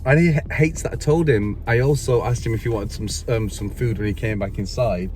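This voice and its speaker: A man's voice: on the low side, darkish tone, faint music behind. A middle-aged man vlogging, telling a story in a rambling, exasperated way. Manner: rambling, exasperated, quick asides. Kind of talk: casual vlog storytelling.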